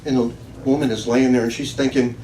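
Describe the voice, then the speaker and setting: A man's voice: medium pitch, little pitch movement, fairly quick, mellow. A man doing stand-up, telling jokes with dry self-deprecating asides at a small comedy club. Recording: echoey room, distant mic, noisy.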